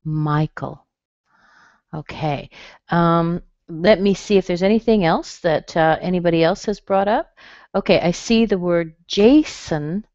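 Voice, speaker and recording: A low-pitched woman who talks slowly as she teaches pronunciation online. She says each word again and again in a patient way. The webinar audio is dull and muffled, with a dry, close sound. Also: a little mellow, no room sound. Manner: slow, patient, repeats words for drill. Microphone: computer mic.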